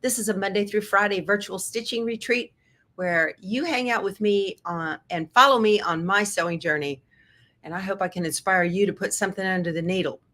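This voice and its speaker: A woman's voice: medium pitch, brisk, fairly bright tone. Chatty upbeat woman hosting a sewing stream. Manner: chatty, upbeat, laughs often. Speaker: host of a sewing livestream. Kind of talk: casual live-stream chat. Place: home sewing room.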